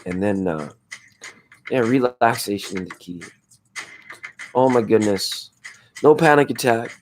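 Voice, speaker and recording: A man with a hoarse voice hosting a laid-back late-night tarot livestream, chatting with viewers in a rambling, spiritual way. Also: lowish voice, animated, unhurried, slight background noise. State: hoarse from screaming at a football game. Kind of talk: casual late-night chat reading viewer comments.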